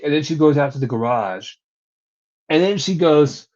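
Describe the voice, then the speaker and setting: With a slightly high, somewhat mellow voice, a young podcast co-host speaks animatedly at normal speed during a casual wrestling recap. He tells stories in a rambling, cursing style, and the audio is dull and lo-fi.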